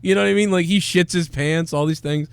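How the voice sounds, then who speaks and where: Host, American man, slightly high voice, rambling and profane, dry close mic. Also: a little fast, vocal fry, smooth, no room sound. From United States. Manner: rambling, laughing, swearing. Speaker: podcast host. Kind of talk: casual show banter.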